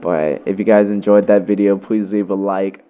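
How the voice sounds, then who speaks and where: A man's voice: lowish voice, level tone, moderate pace, mellow, smooth, lo-fi sound. A young man vlogger telling a story in a loose, profane way, full of fillers. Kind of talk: casual storytelling.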